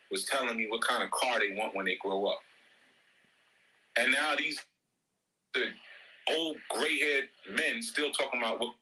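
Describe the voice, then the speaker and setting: A man's voice: sharp tone, poor audio. A middle-aged man giving a casual motivational talk, slangy and joking, laughing often and repeating "you know what I'm saying.". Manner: slangy, joking, mocks with high-pitched quoted voices. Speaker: ministry speaker. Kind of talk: casual motivational talk in an audio chat room.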